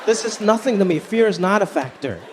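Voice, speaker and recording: A man with a high voice and lively intonation, speaking a little fast, does a stand-up set live while the audience laughs. He's animated and slips into characters' voices; crowd and faint noise come through.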